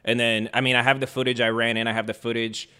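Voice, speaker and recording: Young male co-host, casual storyteller, lively, voices the other people in the story. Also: mid-range voice, fast, smooth. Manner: animated, acts out quotes loudly.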